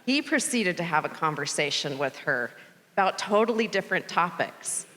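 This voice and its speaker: Middle-aged woman, lowish voice, storytelling conference welcome, big hall reverb. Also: normal speed. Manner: storytelling, animated when quoting the robot. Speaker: board chair giving conference welcome. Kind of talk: conference speech. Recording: long reverb of large hall.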